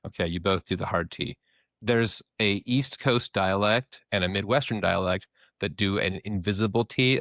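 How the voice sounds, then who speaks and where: A man's voice: lowish voice, moderate pace, fairly bright tone, no echo, clean studio sound. A man with a Minnesotan accent, co-hosting a podcast in playful, joking casual chat. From Minnesota, USA. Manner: playful, swears casually, jokey. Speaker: podcast co-host.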